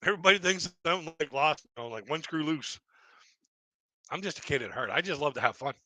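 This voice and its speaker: A man's voice: on the high side, expressive, a little fast, pushed and bright, no echo, poor audio. A middle-aged man telling a stand-up story on a live stream, rambling and repeating himself, acting out other people in raised voices. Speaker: stand-up comedian.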